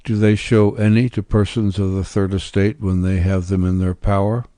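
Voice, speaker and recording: A man's voice: low voice, flat delivery, moderate pace, warm tone, no room sound, studio quality, close to an everyday voice. A man reading aloud as a young, ambitious, scheming peasant-born man, bitter and intense, with defiant outbursts. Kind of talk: audiobook character reading.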